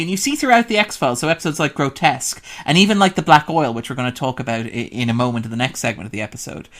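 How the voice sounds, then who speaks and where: A man's voice: mid-range voice, fairly bright tone. A man, a podcast guest, giving long analytical commentary in a casual discussion, peppered with "like". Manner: analytical and long-winded, with frequent "like" fillers.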